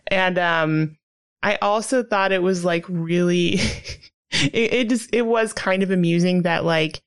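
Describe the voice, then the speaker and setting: A woman's voice: lowish voice, slow pace, clean tone. A woman in casual chat about a movie she found badly written, talking loosely with lots of "like" and frequent laughter. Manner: chatty, laughing often, heavy use of "like". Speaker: podcast co-host reviewing a movie.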